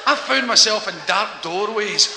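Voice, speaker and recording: Giggly comic in an echoey hall. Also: male voice, high voice, moderate pace. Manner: rambling, giggly, acts out characters. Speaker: stand-up comedian. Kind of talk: live stand-up storytelling. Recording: echoey hall with background noise.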